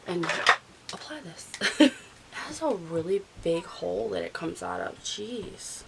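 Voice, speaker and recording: A woman's voice: lowish voice, expressive, unhurried, creaky, a bit bright, a little hiss or hum, rough recording. A woman in her thirties, chatty and rambling, talking through her makeup routine with a nasal, stuffy voice from allergies. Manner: chatty, rambling, talks while applying makeup. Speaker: beauty vlogger. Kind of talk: casual chat.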